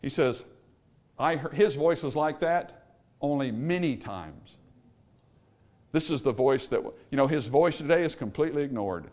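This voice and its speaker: Man preaching a sermon, quiet to loud. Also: medium pitch, lively intonation, normal speed, pauses often. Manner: rhetorical questions to a congregation.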